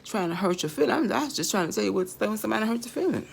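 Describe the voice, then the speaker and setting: A woman vlogger delivering a rambling, profane monologue that swings between quiet muttering and angry shouting. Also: mid-range voice, lively intonation, very fast, vocal fry, husky.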